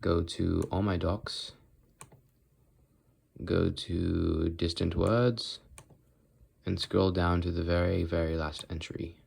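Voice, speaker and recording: A man's voice: sits low, fairly even intonation, slow, vocal fry, long pauses, darkish tone, slightly rough. A teenage boy in a casual walk-and-talk vlog, rambling and thinking aloud as he walks, often breaking off mid-thought. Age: teens. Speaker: vlogger. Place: walking, talking on the move.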